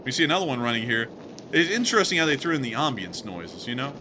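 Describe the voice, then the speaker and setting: Lively, bright-voiced male stream host. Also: medium pitch, fast talker, a little hiss or hum. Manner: animated, laughing, jokey. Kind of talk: casual livestream commentary on war footage.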